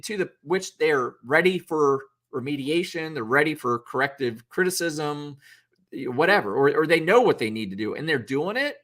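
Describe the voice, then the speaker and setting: A man's voice: fairly high pitch, expressive, moderate pace, a bit bright. A man who coaches youth football, talking through leadership in a loose, unscripted podcast debate, with lots of restarts and acted-out coach quotes. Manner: rambling, many restarts, acts out coach quotes.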